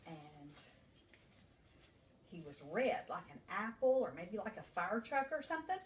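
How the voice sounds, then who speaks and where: A woman nursery school teacher reading a storybook aloud to young children, animated and asking them questions. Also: mid-range voice, a little slow, a little hiss or hum. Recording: echoey room, mic far off.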